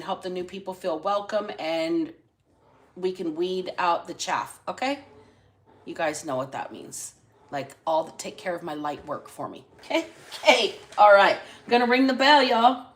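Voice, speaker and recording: A woman's voice: mid-range voice, poor audio. Blunt, swearing woman hosting a tarot stream. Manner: blunt, profane, chatty. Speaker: tarot reader and livestream host. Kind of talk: casual livestream chat and tarot reading.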